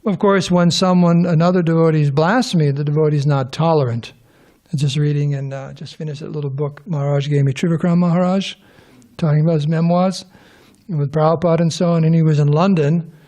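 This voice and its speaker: This middle-aged man's voice sits a little high and sounds a little mellow. He leads an informal scripture class before a live audience in a temple hall, wandering off track, restarting sentences and throwing questions out to the room.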